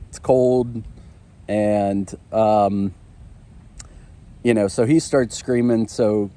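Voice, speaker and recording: A man's voice: fairly low pitch, steady tone, drawn-out words, warm tone. A man in his thirties hosting a marriage show, telling a personal story in a candid, confessional way with frequent ums and uhs. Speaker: marriage podcast host.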